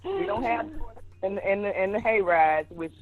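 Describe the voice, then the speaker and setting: A woman's voice: mid-range voice, very animated, a little slow, phone-quality sound, music in the background. A woman in her fifties with a Southern US accent, calling in and chatting with good humor and laughter. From American South. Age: 50s. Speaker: caller. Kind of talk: casual call-in chat.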